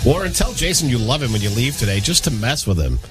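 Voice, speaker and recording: A man's voice: mid-range voice, very animated, fast, over music. A man co-hosting a show, teasing his partner in playful, casual banter. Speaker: radio show co-host.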